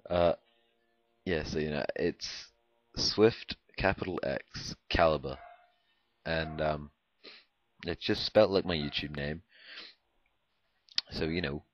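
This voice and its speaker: A man's voice: extremely low pitch, steady tone, takes it slowly, long pauses, no echo, soft background music. A young man from Canada rambling through casual gameplay commentary, hesitant and full of filler words, on a cheap close mic. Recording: dry, dull lo-fi home recording.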